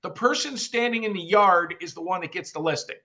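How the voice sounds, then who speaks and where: A middle-aged man with a bright, forceful voice sitting a little higher than most men's. He talks as a guest expert, coaching with energy and acting out little phone-call scenes as he tells a story. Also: fairly quick. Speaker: real estate guest expert.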